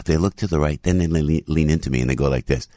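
A man's voice: very deep voice, fast, warm tone, dry recording. Middle-aged guy hosting radio, emphatic storyteller, dry close sound. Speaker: radio show host. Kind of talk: animated storytelling monologue.

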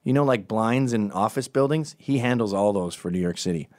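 A man with an American accent telling comic stories in a rambling, digressive way with deadpan asides. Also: fairly low pitch, fairly quick, no echo, clean studio sound. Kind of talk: comedic storytelling monologue.

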